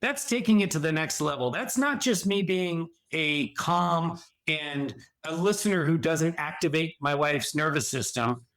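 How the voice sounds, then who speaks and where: A middle-aged man with a somewhat high voice speaks earnestly on a podcast. He explains at length, often restarting and adding "you know". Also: expressive, unhurried, few pauses, a bit bright. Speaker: podcast guest, addiction and sexual health counselor. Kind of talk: conversational podcast interview.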